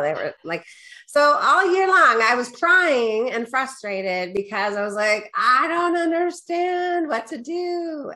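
Lively middle-aged woman telling her story. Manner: animated storyteller, quotes herself with rising pitch; peppers talk with "right?" and "da, da, da". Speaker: guest business coach. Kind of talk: casual storytelling interview.

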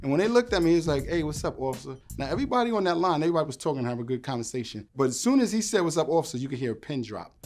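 Brief: man, former cop, tells war stories with lively, swinging delivery, faint music bed. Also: fairly high pitch, very fast, few pauses. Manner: animated storyteller, acts out voices in quotes. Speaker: former police officer. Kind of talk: storytelling interview.

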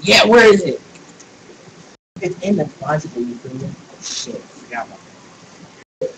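Gamer guy, joking and profane, higher voice, far from the mic, noisy background. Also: big pitch swings, measured pace. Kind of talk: casual gaming chat. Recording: distant mic with room noise.

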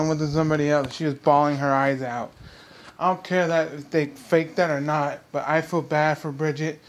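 A man's voice: fairly high pitch, fairly bright tone. A young man hosting his own vlog, ranting heatedly and repetitively straight at his viewers. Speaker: vlog host.

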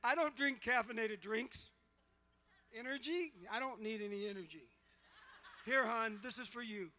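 A man in his sixties, a celebrity guest at a convention panel, joking and teasing with fans, often shouting and laughing. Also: extremely high pitch, normal speed. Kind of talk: loud playful banter with fans. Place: large convention hall.

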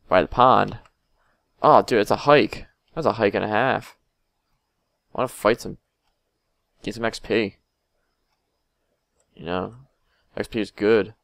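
A young man giving crude, excitable let's play commentary, talking to the game as he plays. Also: lowish voice, gravelly, no echo. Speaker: gamer.

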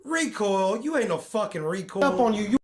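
A man's voice: high voice, lively intonation, brisk, heavy background noise. A man trash-talking another player while he plays an online game, taunting and boastful, with heavy swearing and repeated jabs. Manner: taunting, boastful, profane, repeats lines for effect. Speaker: gaming YouTuber.

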